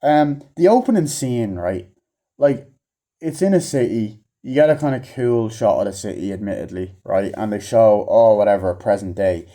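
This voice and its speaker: A man's voice: on the low side, lively intonation, moderate pace, dark tone. A man giving a casual, rambling film review, swearing often and acting out lines from the film. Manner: rambling, frequent swearing and fillers; acts out film lines in raised voice. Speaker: movie reviewer. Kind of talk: casual rant.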